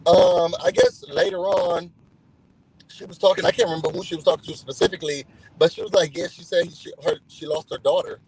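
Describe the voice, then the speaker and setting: A man's voice: high-pitched, fairly quick, poor audio. A man casually recapping a reality show for his channel, telling it animatedly and acting out what people said. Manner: animated storytelling, acting out quotes in other voices.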